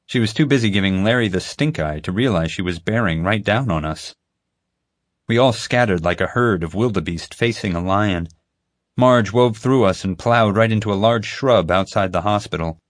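A man reading a first-person novel aloud as an audiobook narrator, in an even storytelling manner. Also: on the low side, no echo, clean studio sound.

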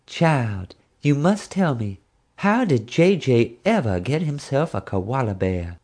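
A man's voice: mid-range voice, sing-song, a little mellow, breathy edge, voice pushed up, exaggerated voice. A man doing a snooty drawling Texas lady. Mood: haughty. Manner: slow, drawling, affected. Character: haughty rich woman collector, snooty, drawling. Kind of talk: audiobook character voice.

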